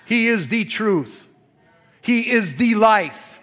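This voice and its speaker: A pastor preaching a sermon, swinging from quiet, low passages to forceful yelling. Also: male voice, lively intonation, takes it slowly.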